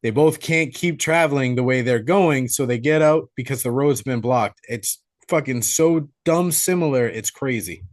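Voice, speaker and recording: A man's voice: medium pitch, normal speed, hardly any pauses. A man co-hosting a podcast, chiming in bluntly with crude jokes during a casual movie chat. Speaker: podcast co-host.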